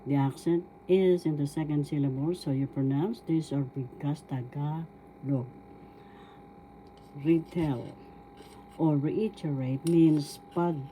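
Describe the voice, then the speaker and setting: Slow, dark-voiced woman teaching a language. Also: low-pitched, fairly even intonation, a little hiss or hum, rough recording. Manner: repeats words syllable by syllable, patient. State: recovering from a cold, low husky voice. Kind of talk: slow spoken language lesson. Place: at home indoors, diffuser running.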